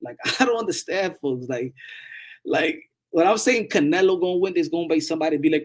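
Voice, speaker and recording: A boxing channel host talks fairly quickly in a somewhat high voice during a casual live stream, animated and cursing without restraint as he keeps repeating himself.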